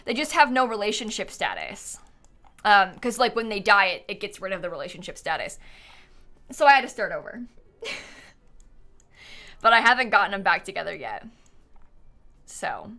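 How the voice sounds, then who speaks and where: Woman, from the US, live streamer, casual rambling chat, frequent laughs, bright voice. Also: mid-range voice, expressive, normal speed, vocal fry, long pauses. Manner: chatty and rambling, laughs often, answers chat. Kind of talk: casual live-stream chat while playing a life-sim game.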